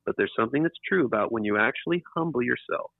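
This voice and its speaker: Fast-talking and gravelly, this author has a medium-pitched voice with lively intonation as he's casually interviewed about his book. He rambles, restarting and stressing points by repeating them. The computer-mic audio is tinny, phone-like and dry, with no echo.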